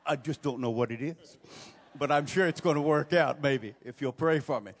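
A man's voice: on the high side, normal speed. An older man preaching a sermon as pastor, folksy storytelling that swells into emphatic preaching. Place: church sanctuary. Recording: long hall reverb.

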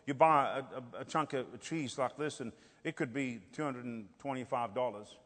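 A man's voice: medium pitch, moderate pace, a bit bright. A middle-aged man preaching with humour, telling stories and acting out the dialogue. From South Africa. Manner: playful, acts out dialogue, rhetorical "Hello?" asides. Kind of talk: humorous storytelling sermon. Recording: long hall reverb.

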